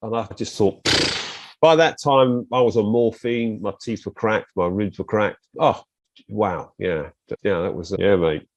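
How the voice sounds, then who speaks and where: A British podcast guest with a lowish voice tells his story at a measured pace in casual conversation, vividly acting out what others said in animated bursts. He speaks British English, and the sound is lo-fi, without echo.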